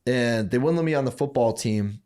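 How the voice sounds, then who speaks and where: A man's voice: medium pitch, brisk, a little mellow, smooth. A man from Saint Paul, Minnesota, telling his story as a podcast guest in a loose, profane way, laughing often and acting out other people's lines. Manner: profane, laughing, acts out quoted voices. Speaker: guest, former fighter.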